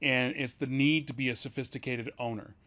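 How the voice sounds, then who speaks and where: A man co-hosting a casual podcast, talking in an animated way and acting out quotes. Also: mid-range voice, a little fast. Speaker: podcast co-host.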